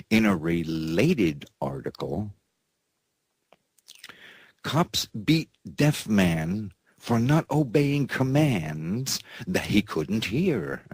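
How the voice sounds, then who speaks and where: A slow, husky-voiced man hosts a sarcastic alternative news roundup, his low pitch swooping up with mocking glee. He reads headlines in a folksy, mocking way, laughing at the stories. The recording is close and dry. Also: big pitch swings, a little mellow, dry recording. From United States. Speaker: news show host.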